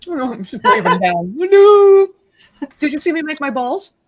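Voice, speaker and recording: A woman's voice: high-pitched, very animated, a little slow, fairly bright tone, poor audio. Bubbly woman hosting a live stream. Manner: bubbly and giggly, chats while cooking. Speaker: host of a live stream hangout. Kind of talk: casual live-stream chat. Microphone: video call.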